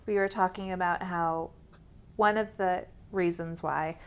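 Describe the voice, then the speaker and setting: A woman's voice: fairly low pitch, fairly even intonation, a little slow, clear, resonant tone. A woman cohosting a casual chat show, chatty and correcting details with a laugh.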